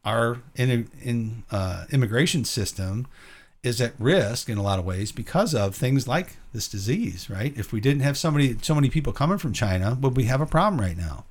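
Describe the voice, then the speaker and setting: A man co-hosts a Christian talk-show podcast, rambling through his opinions in a mid-range, animated voice at a moderate pace. He keeps tagging his points with rhetorical "right?" questions as the conversational commentary goes on.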